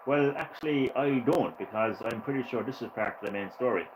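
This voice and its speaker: A man talking over his playthrough at a middle pitch, wandering off into tangents and restarts. He breaks into sarcastic, swearing rants at the characters, with a faint hiss of noise under him. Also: fairly quick, hardly any pauses. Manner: sarcastic, profane ranting asides; rambling, self-correcting chatter. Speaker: gaming channel host. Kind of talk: let's play commentary.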